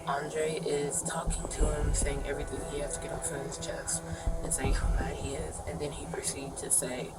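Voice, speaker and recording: A young woman recounting events in a police interview, talking in a flat, hushed way with many fillers. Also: low voice, moderate pace. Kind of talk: recorded interrogation. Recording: distant muffled interview room audio with music.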